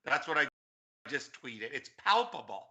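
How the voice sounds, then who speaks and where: A man's voice: mid-range voice, very animated, normal speed, pushed and bright. A man speaking as a political guest on a talk show, effusive and earnest.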